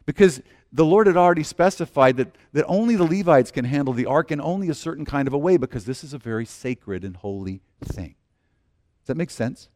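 A middle-aged man preaching a sermon, telling the story in a lively way and often restarting his sentences. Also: fairly high pitch, a little fast. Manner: animated storytelling with frequent restarts. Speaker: pastor.

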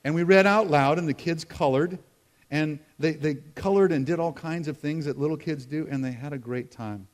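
A middle-aged man from the United States delivers a sermon in a church. His tone is conversational and humorous, with quick asides to the congregation. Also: on the high side. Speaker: pastor. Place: church sanctuary.

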